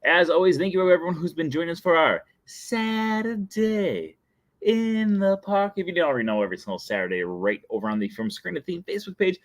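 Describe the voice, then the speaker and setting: Young man, livestream host, casual chat, bouncy animated voice, dry room. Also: sits high, a little fast, no echo. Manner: playful and chatty, breaks into sung jingle and laughs. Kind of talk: casual live-stream chat.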